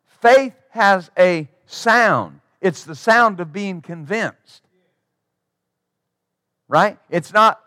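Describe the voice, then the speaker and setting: Male pastor, high voice, emphatic sermon, dry close sound. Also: slow pace, pushed and bright, no echo. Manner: emphatic preaching with acted-out quotes.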